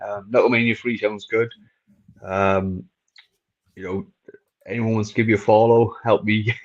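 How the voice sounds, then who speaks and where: A man with an English accent answering interview questions casually over a video call, hesitating with lots of fillers. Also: fairly low pitch. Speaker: guest fighter. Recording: muffled video call audio.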